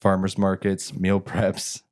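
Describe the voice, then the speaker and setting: A man, co-hosting a casual podcast and telling animated stories. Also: low voice, slow pace. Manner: animated storyteller, mimics voices in anecdotes. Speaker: podcast co-host. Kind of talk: casual chat.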